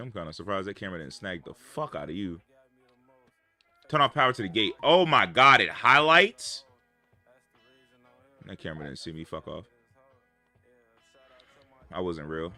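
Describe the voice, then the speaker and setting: Excitable, profane male gamer with AAVE. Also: low-pitched. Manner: profane, excitable, bursts into loud outbursts. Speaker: streamer. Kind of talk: casual gameplay commentary.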